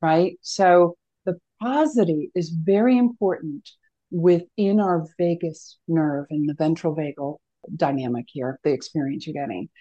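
A woman counselor explaining ideas as a podcast guest, earnest and teacherly, often asking rhetorical questions. Her voice sits somewhat low. The audio is dull and lo-fi, like a remote connection. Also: unhurried, dark tone.

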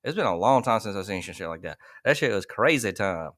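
A man's voice: on the low side, lively intonation, brisk, fairly bright tone, no echo, clean studio sound. A man hosting a casual podcast, cursing freely in a laid-back way. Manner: profane, laid-back storytelling. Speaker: host.

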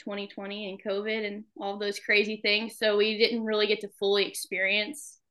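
A woman's voice: medium pitch, completely flat delivery, normal speed, bright, forceful tone. A young woman from Alabama with a Southern accent, chatting casually as a podcast guest and laughing often. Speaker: podcast guest, hockey wife. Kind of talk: casual interview chat.

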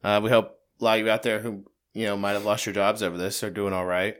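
Lower-voiced male podcast co-host, loose and rambling, jokes and swears freely. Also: flat delivery, quick pace, a bit bright. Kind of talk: casual chat.

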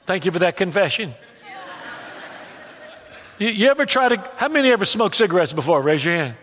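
A male pastor with a high, bright-toned voice delivers an animated, joking sermon, often doubling back on his words as he goes. His voice carries a long reverb, as if ringing through a big church hall. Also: brisk, some chatter behind, a little hiss or hum. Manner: animated, humorous storytelling with repetitions and stammered restarts.

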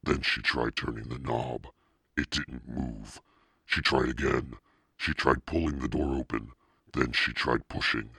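Super low husky guy reading a spooky kids book, dry sound. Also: a little slow, pushed and bright, no echo. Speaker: audiobook narrator. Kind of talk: storybook narration.

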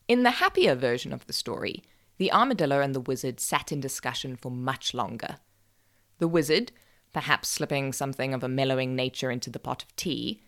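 Wry low-voiced woman storyteller. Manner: wry, deadpan asides. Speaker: podcast storyteller. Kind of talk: scripted narration.

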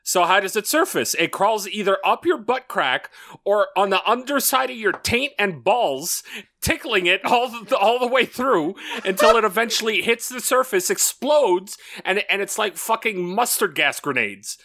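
A man co-hosting a podcast, rambling through a profane, animated story in casual banter. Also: high-pitched, normal speed, no echo, clean studio sound. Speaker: podcast co-host.

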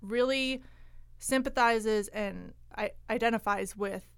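A woman's voice: fairly high pitch, takes it slowly, gravelly, clear, resonant tone, dry recording, studio quality. A woman co-hosting a podcast, telling history in casual chat with frequent laughter. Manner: chatty, laughing often. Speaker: podcast co-host.

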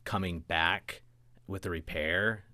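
Very deep-voiced man, dry close sound. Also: slow pace, dry recording. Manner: relaxed, fills talk with "like", short agreeing replies. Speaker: podcast host. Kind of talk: casual chat.

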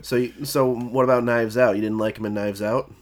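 A man co-hosting a film podcast, speaking in a calm, quiet, reflective way. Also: medium pitch, a little fast. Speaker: podcast co-host. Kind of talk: casual film review chat.

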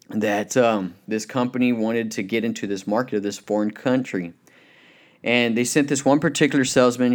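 A man preaching a sermon, telling illustrative stories and slowing down to stress the key points. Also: mid-range voice. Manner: storytelling, emphatic, slows down on key points.

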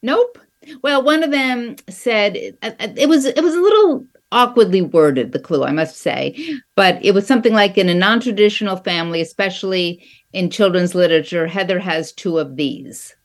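A woman in her sixties, an author being interviewed, speaking in a thoughtful, earnest, measured way. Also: medium pitch, lively intonation. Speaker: author guest. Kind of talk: interview conversation.

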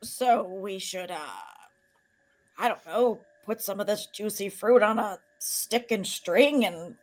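A woman's voice: medium pitch, slow pace, low-quality recording. A woman playing a tabletop game, rambling with wry humor. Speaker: player. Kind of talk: casual tabletop play.

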